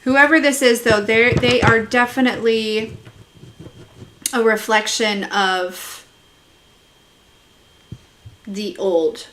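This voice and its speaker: Slow, affectionate woman tarot reader. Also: fairly high pitch, steady tone, fairly bright tone, slight background noise. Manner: chatty and affectionate, calls viewers darling, laughs often. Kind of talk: live-streamed tarot reading and chat. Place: at home with a dog.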